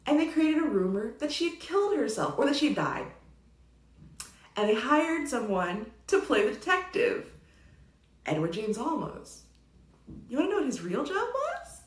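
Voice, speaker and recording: A woman's voice: sits high, moderate pace, long pauses, roomy sound. A young woman giving a casual, profane film review and acting out the characters' lines. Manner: animated, profane, acts out characters.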